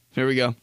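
A man hosting a podcast, telling stories in a casual, profane, rambling way. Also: no room sound. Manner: profane, rambling, animated storytelling. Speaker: podcast host. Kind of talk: casual comedic monologue.

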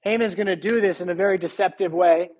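A pastor delivering a sermon in a husky voice, pitched high for a man. He drives his points home emphatically and keeps asking his listeners rhetorical questions. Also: fairly even intonation, quick pace, darkish tone, low-quality recording.

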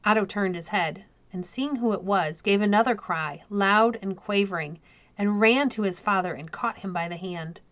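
A woman narrating a classic children's novel in a calm, measured reading. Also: mid-range voice, lo-fi sound. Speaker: audiobook narrator. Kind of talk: storybook narration.

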